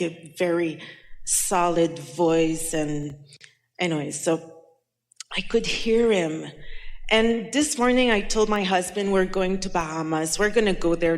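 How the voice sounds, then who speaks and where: Slow, halting woman in a hall. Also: on the low side. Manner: halting, with many fillers and restarts. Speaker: audience member asking a question. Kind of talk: telling a personal story. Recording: long reverb of a large hall.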